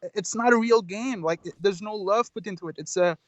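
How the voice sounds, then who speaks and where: A man calling in to a show, talking in halting, stammering bursts and laughing at his own hot takes. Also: sits high, no room sound. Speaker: caller. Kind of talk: casual call-in banter.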